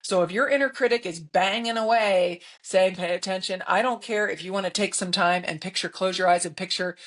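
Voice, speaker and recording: A woman in her fifties speaks as a podcast guest at a mid-range pitch. She tells stories with lively emphasis, acting out little scenes and tagging her points with quick check-ins. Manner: lively storyteller, emphatic, frequent "right?" tags. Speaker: guest, broadcaster and keynote speaker. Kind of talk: conversational podcast interview.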